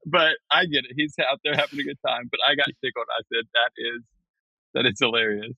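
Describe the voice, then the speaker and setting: A man's voice: mid-range voice, fairly even intonation, a little fast, vocal fry, pushed and bright, no echo, lo-fi sound. A man who teaches, guesting on a podcast, chatting casually and laughing often. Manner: giggly, laughs between lines. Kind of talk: casual recap chat.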